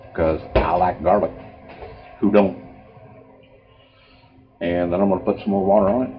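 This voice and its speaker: An older man talks his way through a home recipe, wandering into folksy stories as he goes. His voice sits very low and rumbling. The recording is dull and lo-fi, with faint music underneath. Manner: rambling, folksy storyteller. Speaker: home cook. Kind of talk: casual cooking vlog.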